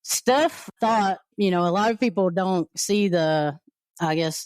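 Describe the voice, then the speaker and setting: A woman's voice: fairly low pitch, dry recording. Woman in her 40s, ex-player; easygoing, conversational, reminiscing in a dry, close recording from a home. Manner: relaxed, conversational, with frequent "you know". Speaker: former player and team co-captain. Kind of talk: reminiscing interview. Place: at a friend's home.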